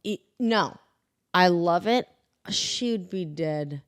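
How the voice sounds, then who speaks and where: A middle-aged woman co-hosting a podcast, playful and teasing in quick interjections. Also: lowish voice, lively intonation, slight background noise. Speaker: podcast co-host. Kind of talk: casual movie chat.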